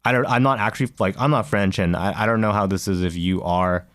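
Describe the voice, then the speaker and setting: A deep-voiced man talks casually as a podcast co-host. He rambles, fills his pauses and restarts his sentences often. The recording is dry, with no room sound. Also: fairly bright tone, no room sound. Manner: rambling, many fillers and restarts. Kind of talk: casual chat.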